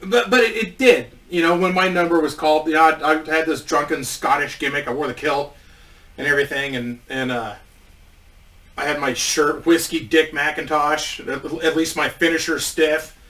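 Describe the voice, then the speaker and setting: A man's voice: fairly high pitch, fairly even intonation, moderate pace, bright, forceful tone, recorded from a distance, poor audio. A man telling a casual story about his wrestling days, rambling with many restarts and frequent swearing.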